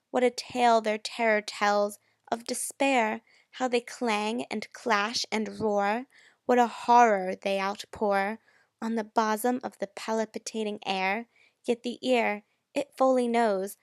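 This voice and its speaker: A woman recites a poem in an unhurried, deliberate cadence, leaning into each repeated word. Her voice is smooth and clean, recorded close in a dead-dry space with no room sound. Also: medium pitch, no room sound. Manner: slow, measured reading that grows louder on the repeated words. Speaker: poetry reader. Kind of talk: dramatic poetry recitation.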